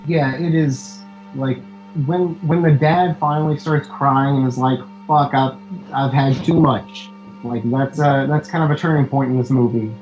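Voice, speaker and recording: A man's voice: mid-range voice, steady tone, normal speed, a little mellow, lo-fi sound, faint music behind. A man co-hosting a podcast, casually recapping a movie with loose, profane chatter and lots of fillers. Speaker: podcast co-host.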